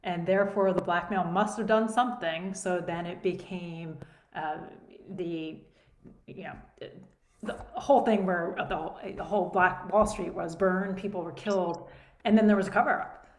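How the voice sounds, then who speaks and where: A woman co-hosting a conversation, halting and soft, trailing off and restarting her sentences. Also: fairly low pitch, steady tone. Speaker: co-host. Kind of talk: casual chat. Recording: echoey room, faint noise.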